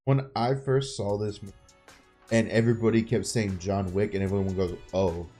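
A man's voice: lowish voice, fairly even intonation, moderate pace, dark tone, faint music behind. A man co-hosting a casual movie review podcast, swearing freely and acting out lines from scenes as he retells them. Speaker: podcast co-host.

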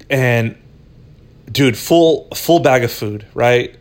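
A man's voice: mid-range voice, takes it slowly. A man hosting a podcast, telling a personal story in a loose, rambling way, swearing freely and leaning on "dude" and "right?". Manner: profane, rambling, says "dude" and "right?" often. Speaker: podcast host. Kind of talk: casual storytelling.

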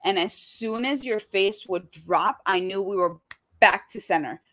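A young woman telling a story in casual chat, animated and swearing freely. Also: mid-range voice, a little slow.

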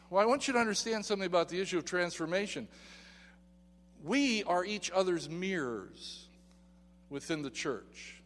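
Male preacher, high voice, lively sermon delivery, church hall reverb. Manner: animated, asks the congregation questions. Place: church sanctuary.

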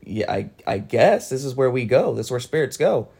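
A man voicing a calm, matter-of-fact woman who was once his girlfriend, in quiet, plain replies while telling a personal anecdote. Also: mid-range voice, normal speed, creaky, breathy edge, heavily acted. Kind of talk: quoted dialogue in a spoken anecdote.

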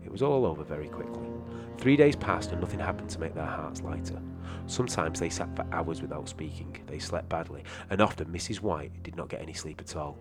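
A man reading a short story aloud in a steady, measured way. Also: rumbling low, music in the background.

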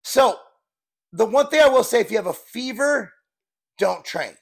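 A man's voice: very high voice, lively intonation, unhurried, gravelly. A man in his forties, a fitness coach, talking candidly and bluntly in a rambling, casual vlog style. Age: 40s.

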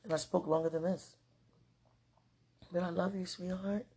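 A woman's voice: fairly low pitch, fairly even intonation, moderate pace, mellow, slightly rough. A woman recording a rambling, affectionate spoken message to a loved one, laughing often between her thoughts.

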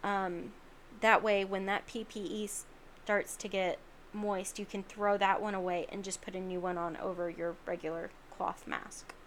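A woman's voice: mid-range voice, little pitch movement, normal speed, slight background noise. A sleepy woman hosting a late-night solo podcast, talking in an earnest, rambling, self-deprecating way from home. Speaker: podcast host.

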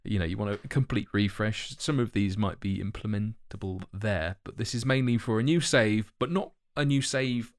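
A man's voice: lowish voice, moderate pace, hardly any pauses, no echo. A man co-hosting a casual podcast chat, talking in loose, self-correcting ramble with many fillers. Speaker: podcast co-host.

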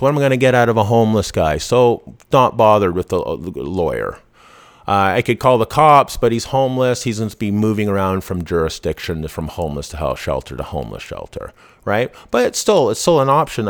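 A man talks through a casual podcast monologue, his voice sitting fairly low. He is blunt and profane and often restarts his sentences. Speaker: podcast host.

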